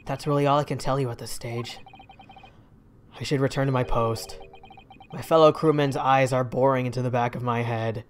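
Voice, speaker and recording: A woman's voice: extremely low pitch, fairly even intonation, normal speed, slight background noise, pitched below the performer's own voice. A woman voicing a weary, dutiful young male ship's guard who speaks in a subdued, apologetic way.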